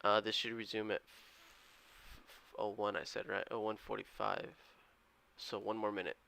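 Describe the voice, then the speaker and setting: A man's voice: lowish voice, steady tone, measured pace, creaky. A man live-streaming his day trading, chatting casually with viewers and keeping his voice down at home. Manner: chatty, reads out viewer comments and counts aloud; talking kind of quiet. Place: indoors at home.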